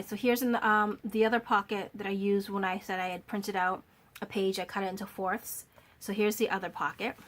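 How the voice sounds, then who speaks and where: A woman gushes softly over a handmade journal in a home craft space, filmed by a camera on a stand. Her voice is a little worn, and her talk is full of fillers and restarts. A faint hum of room noise sits behind her. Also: medium pitch. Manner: gushing, admiring, with fillers and restarts. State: slightly losing her voice. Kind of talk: casual show-and-tell walkthrough.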